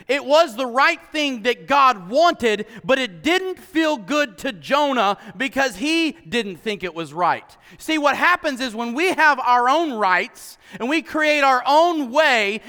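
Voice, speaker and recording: A male pastor preaches with animation, throwing rhetorical questions at the congregation. His voice is extremely high, and the sound has a big-room quality.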